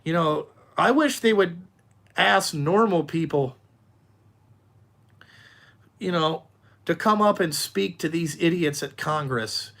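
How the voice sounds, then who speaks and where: A man who runs a dump truck business rants bluntly on a livestream, swearing heavily while answering viewers' comments. His voice is fairly high, creaky and fairly bright, and he keeps repeating himself with halting restarts.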